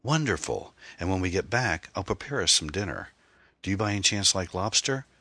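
A man voicing a charming, secretive man who talks smoothly and evades questions in an audiobook. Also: low voice, animated, fairly quick, sharp tone, no echo, voice pushed up, full character voice. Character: charming, secretive man showing off his house.

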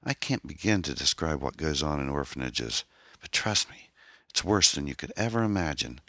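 A man voicing a troubled young woman, an orphan who talks in a hesitant, halting, pained way. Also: a bass voice, lively intonation, pushed and bright, no room sound, clean studio sound, heavily acted. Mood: guarded, pained.

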